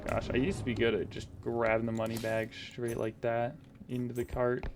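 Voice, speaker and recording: A man's voice: monotone, normal speed, over music. Goofy rambling guy narrating his gameplay. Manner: rambling, goofy, self-mocking, jumps into silly high voices. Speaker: gaming YouTuber. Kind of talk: solo gameplay commentary.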